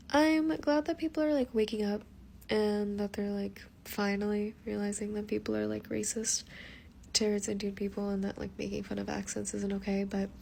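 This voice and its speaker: Woman, casual commentary, gravelly fry, faint background noise. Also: medium pitch, darkish tone. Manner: frequent "like" fillers, matter-of-fact.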